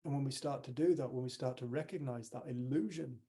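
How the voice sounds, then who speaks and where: A man leads a workshop with a motivational talk. His voice is gravelly and mellow, with a relaxed, conversational delivery that turns to storytelling in quoted dialogue. He speaks at an ordinary, mid-range pitch for a man. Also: a little fast. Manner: conversational, retelling stories with quoted dialogue and growing animation. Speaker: workshop leader.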